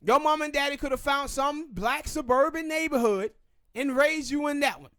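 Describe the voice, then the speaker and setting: Southern male podcast host, high-pitched, opinionated, talks with hard emphasis. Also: fairly bright tone, no echo, studio quality. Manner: emphatic, ranting, drawn-out pauses. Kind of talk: opinionated casual commentary.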